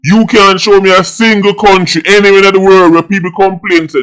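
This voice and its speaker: A man's voice: high-pitched, fairly even intonation, moderate pace, hardly any pauses, fairly bright tone, smooth. A Jamaican man hosting his vlog, delivering a blunt, scolding opinion rant in patois-tinged speech. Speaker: vlog host. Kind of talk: opinion commentary monologue.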